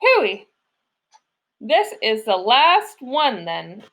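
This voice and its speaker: A fussy, grumbling old grandfather from a storybook, quick to huff and exclaim, put on by a woman reading aloud. The voice sits high and bright, swinging up and down with every complaint. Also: sing-song, heavily acted. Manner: huffy, exclaiming.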